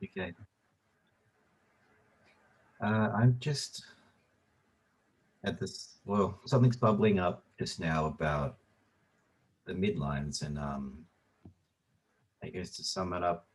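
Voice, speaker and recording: A man sharing with a group, halting and searching for his words. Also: deep voice, husky. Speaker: workshop participant.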